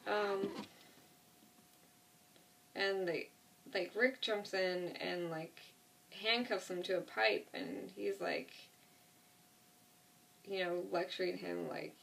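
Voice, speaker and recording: Her voice is low-ish, creaky, and a bit bright, with fairly even intonation, a slow pace, and long pauses. Picked up by a distant mic, she casually retells a TV episode, rambling, self-correcting, and saying "like" a lot.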